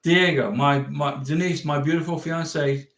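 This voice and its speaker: On the high side and expressive, the voice of this American livestream host moves at a moderate pace in reverberant surroundings. He gives visa advice in a casual chat with viewers, answering comments, rambling, and emphatically repeating what he says.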